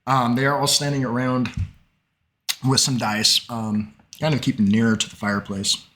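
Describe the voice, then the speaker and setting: A man's voice: medium pitch, level tone, bright, forceful tone, a little hiss or hum. Coughing man narrating as game master. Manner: halting, with frequent fillers and coughs. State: coughing, sore throat. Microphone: desk mic, online session.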